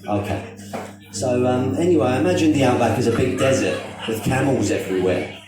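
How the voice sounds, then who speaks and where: A man's voice: medium pitch, a little fast. A British man doing live stand-up comedy on stage in a put-on Australian accent, rambling, self-mocking and swearing freely. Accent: mock Australian over British. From Britain. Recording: very echoey, distant from the mic, music behind.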